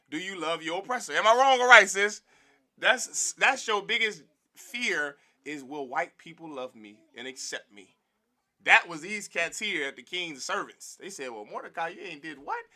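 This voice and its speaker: A man teaching a Bible class in a lively preaching manner, calling for response from the room and mimicking other people's voices. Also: high voice, moderate pace.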